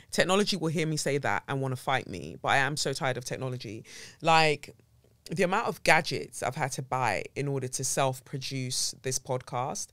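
A London woman hosting her own podcast, speaking in a low yet bright, forceful voice. She chats casually and animatedly, breaking into exclamations and swearing freely. The sound is dry and close, recorded on a studio mic at home. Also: no echo. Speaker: podcast host. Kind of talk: casual solo podcast chat.

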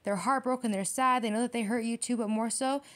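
Fast-talking profane woman tarot reader. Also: on the high side, steady tone. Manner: blunt and profane, heated; fast, repetitive, direct address to viewers. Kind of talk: tarot reading monologue.

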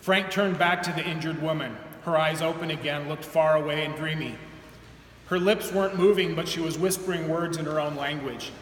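A man reads his own fiction aloud in a steady, measured way, his voice sitting fairly high. The sound is roomy with a long hall reverb, and a faint hum of the space lies underneath. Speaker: author reading his novel. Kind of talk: live reading of fiction. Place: museum reading event, large indoor hall.

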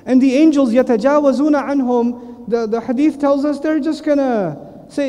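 A middle-aged man preaching a lively sermon, often acting out the voices of the people in his stories. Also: very high-pitched, very fast. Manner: animated, playful, acts out voices. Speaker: Islamic preacher and teacher. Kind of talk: lively sermon with acted quotes. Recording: long reverb of a large hall.

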